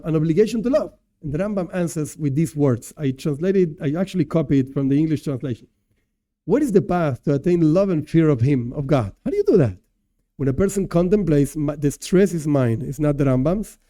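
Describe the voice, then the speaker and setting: A man's voice: fairly high pitch, mellow. A man teaching as a rabbi in a casual class with slides, talking loosely with many asides and repeated fillers, and chuckling at his own examples. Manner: casual and repetitive, peppered with "whatever" and "et cetera". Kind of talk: informal lecture with slides.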